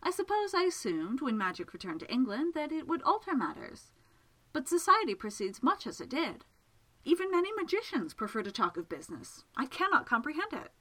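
A woman voicing a shy, earnest gentleman magician. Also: sits high, very animated, brisk, voice pushed up, poor audio. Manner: formal, hesitant, earnest. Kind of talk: audiobook character reading.

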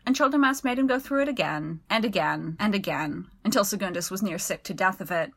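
A woman narrating a story in an even, clear storytelling manner. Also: mid-range voice.

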